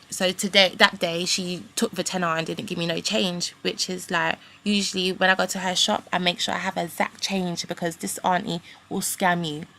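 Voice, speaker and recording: A young woman, telling a story as a vlogger in a blunt, sweary and animated rant. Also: lowish voice, gravelly, slight background noise.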